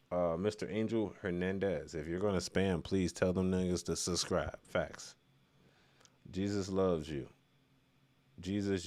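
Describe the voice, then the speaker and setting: A man's voice: low-pitched, a little mellow, no room sound. A man from Chicago doing loose, rambling live-stream commentary, reading chat and laughing at his own remarks.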